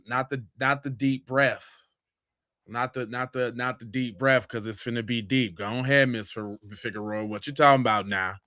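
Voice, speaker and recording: Bright-voiced mocking podcast host, a man. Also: mid-range voice, fairly even intonation, normal speed, no room sound, clean studio sound. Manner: slangy, mocking, jokey banter. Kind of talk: reaction commentary on viewer clips.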